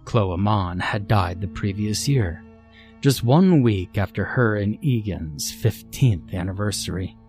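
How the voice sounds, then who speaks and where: A man narrating a horror story in a measured storytelling manner. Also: lowish voice, a little mellow. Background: faint music.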